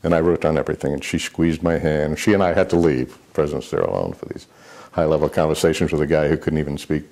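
Older guy rambling through old stories, low dark voice, lots of uhs. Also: fast talker, creaky. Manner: rambling anecdotes with many fillers and restarts. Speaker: former military aide and chief of staff, interviewee. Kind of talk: reminiscing interview answers.

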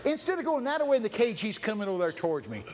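An older man preaching a folksy, animated story-filled sermon, laughing and acting out voices. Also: sits high, very fast. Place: church sanctuary. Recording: noisy live church recording.

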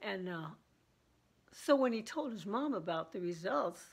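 A woman in her seventies with a husky voice, chatting and laughing as she tells stories to her vlog viewers. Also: mid-range voice, lively intonation, unhurried. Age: 70s. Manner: chatty, laughs often while telling. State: throat trouble. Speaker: vlogger. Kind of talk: casual storytelling chat.

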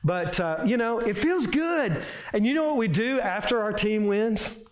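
A man's voice: high-pitched, expressive, a little slow. A man with a Southern American accent preaching a sermon from the pulpit, in a folksy way that builds up emphatic repeated lines. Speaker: pastor. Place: church sanctuary. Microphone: room microphone. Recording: echoey church room.

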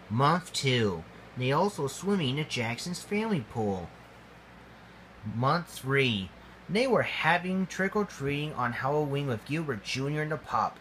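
Guy reading a kids story, slow and halting, lively up-and-down voice. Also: mid-range voice, a little hiss or hum.

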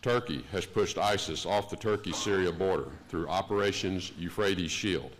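Older male official with a Texan accent, low voice, slow formal conference keynote. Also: slight background noise. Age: 60s. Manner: measured, deliberate delivery. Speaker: diplomat giving an opening address. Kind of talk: formal prepared speech. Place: conference hall.

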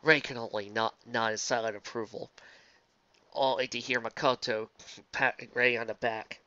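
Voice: medium pitch, fairly even intonation, normal speed, sharp tone, no echo, highs cut off. A fanfiction reader from the Southern United States, reading a story aloud with sarcastic, exasperated asides. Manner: sarcastic, exasperated, jumps between reading and ranting.

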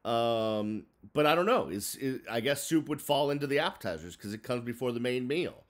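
A man's voice: mid-range voice, lively intonation, normal speed. A man in his forties from the Boston area, ranting casually to camera in a chatty, rambling way with lots of fillers and restarts. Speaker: vlogger.

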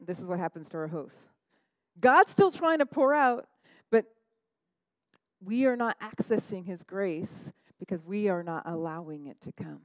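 Animated woman pastor preaching. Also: moderate pace, no room sound, poor audio. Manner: animated, laughing asides, acts out quotes in a higher voice. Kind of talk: sermon.

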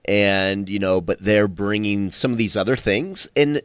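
A man who hosts the podcast and is a pastor, speaking in an easygoing casual way, filling pauses with "you know". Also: on the low side, clear, resonant tone, no room sound, clean studio sound. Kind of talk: casual conversation.

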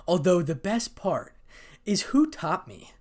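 A man's voice: high-pitched, sing-song, a little slow, voice pushed up. A man reading a cold, scornful young man. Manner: cold and scornful, bursting into shouting. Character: cold, bitter young man confronting his betrayers.

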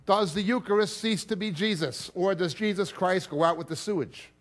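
Man, Bible teacher, fairly high voice, forceful emphatic stress, reading verses and explaining them. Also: normal speed. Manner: emphatic, rising and dropping sharply for stress; reads scripture aloud and then explains it.

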